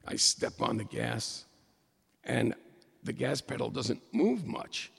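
A middle-aged man telling a humorous personal story to an audience, animated and excitable, with jokey asides. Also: mid-range voice, slow pace, gravelly, husky, in a large hall.

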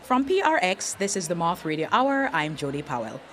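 A woman hosting a radio show, giving a measured, scripted introduction. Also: on the low side, sing-song, fairly bright tone, slight background noise. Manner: measured, announcing. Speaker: radio host.

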